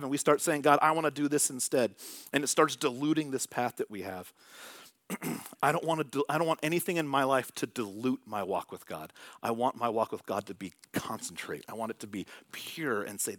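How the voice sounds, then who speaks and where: A man's voice: medium pitch, a little fast, no room sound. Conversational man preaching, dry close sound. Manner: conversational storytelling with soft, hushed dips on key points. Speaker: pastor. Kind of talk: sermon.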